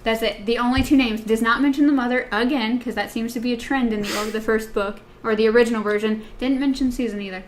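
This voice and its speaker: A woman's voice: on the high side, fairly even intonation, fast talker, few pauses, slight background noise. Chatty woman co-hosting a book podcast. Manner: hesitant, many fillers, compares text versions. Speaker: podcast co-host. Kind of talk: casual book discussion.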